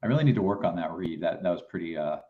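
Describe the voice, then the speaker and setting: A man's voice: low voice, lively intonation, very fast. A man hosting a casual live stream, reading viewer questions aloud to his guests. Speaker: host. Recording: dull lo-fi stream audio.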